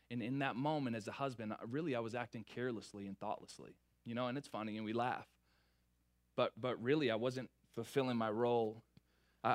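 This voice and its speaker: A young man preaching, telling a funny story from his early marriage in a lively, playful way before turning earnest. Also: fairly low pitch. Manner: animated, playful storytelling with big swings in energy. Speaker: pastor. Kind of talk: sermon with a personal story.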